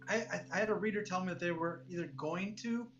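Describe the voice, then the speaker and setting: A man's voice: high-pitched, fast talker, a bit bright. A man in his thirties, a guest author, talking politely and thoughtfully in a casual livestream chat, sometimes hesitating. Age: 30s. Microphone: remote call over stream. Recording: dull lo-fi remote call audio with faint music.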